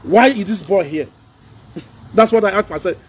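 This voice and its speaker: A middle-aged man with a Nigerian accent talks earnestly to his livestream audience, lecturing and slipping into pidgin. His voice sits high for a man and has a husky, rough edge. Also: moderate pace. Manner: earnest, preachy, mixing pidgin, laughs at his own jokes. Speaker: social media livestream host. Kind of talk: casual political talk livestream.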